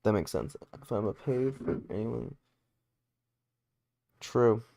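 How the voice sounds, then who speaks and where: A tired man livestreams his game development work, speaking slowly in a medium-pitched, gravelly, mellow voice with no room sound. He chats casually, answering viewer questions and explaining his coding as he works.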